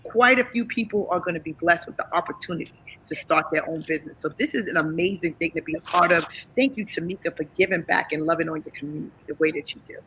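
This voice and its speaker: A woman guest giving an upbeat, encouraging pitch in a gravelly voice. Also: fast, few pauses, a bit bright, a little hiss or hum, low-quality recording. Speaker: guest co-presenter. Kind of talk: enthusiastic promotional talk.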